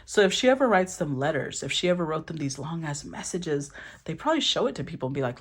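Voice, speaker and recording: A woman doing a casual tarot reading, with a fairly low, husky voice. Her pitch swings widely as she talks, and she speaks in a blunt, animated way. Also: quick pace. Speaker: tarot reader.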